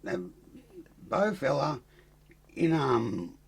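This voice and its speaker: A man with an Australian accent telling his story as a podcast guest, blunt and profane, growing animated as he acts out fights. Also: mid-range voice, drawn-out words, gravelly, breathy edge. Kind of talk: casual storytelling.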